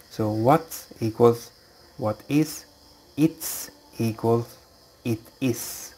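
A man teaching English to young children, explaining slowly and patiently. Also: medium pitch, a little mellow, a little hiss or hum. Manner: slow, clear, patient explaining. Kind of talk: slow classroom instruction for children.

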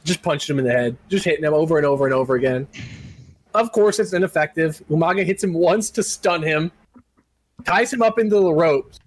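Man, high-pitched, animated storyteller, casual podcast recap, dry close mic. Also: fairly quick, no echo, low-quality recording. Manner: animated storyteller, laughs often, shouts impressions. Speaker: podcast co-host recapping wrestling.

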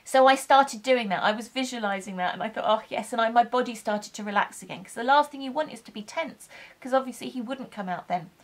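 A young woman telling a personal story in an earnest, gentle way. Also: a little high, fast talker, few pauses. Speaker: vlogger telling her birth story.

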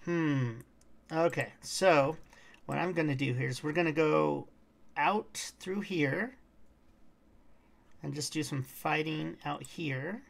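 A woman's voice: low voice, takes it slowly, vocal fry, pauses often. A woman streaming a game walkthrough, chatting casually to her viewers and her in-game pet, sometimes humming or singing snatches. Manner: chatty, talks to her pet and chat, hums and sings snatches.

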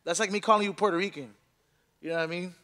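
Loud excitable high-voiced podcast host. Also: male voice, racing, crowd noise. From Salvadoran family. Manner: loud, excitable, swears a lot. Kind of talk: casual profane podcast banter.

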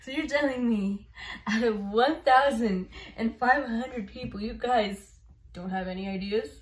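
A woman's voice: on the high side, a little slow. A woman chatting casually to her viewers in a rambling way, full of fillers, recorded on a phone. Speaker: YouTuber. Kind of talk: casual vlog chat. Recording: roomy with background music.

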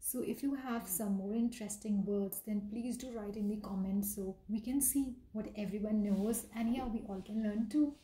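A woman's voice: mid-range voice, normal speed, hardly any pauses, dark tone, roomy sound, low-quality recording. A woman giving a casual vocabulary lesson, explaining with repeated examples and slipping in Hindi phrases. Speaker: English vocabulary teacher.

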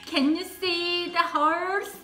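A woman's voice: very high-pitched, steady tone, takes it slowly, bright, forceful tone, roomy sound. A woman leading a preschool art and music circle time, exclaiming and sing-song as she plays with puppets for young children.

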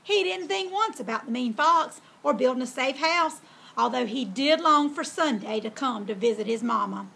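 A woman reads a children's story aloud in an unhurried, folksy drawl. Her voice sits high, with a gravelly and breathy texture. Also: animated, a bit bright.

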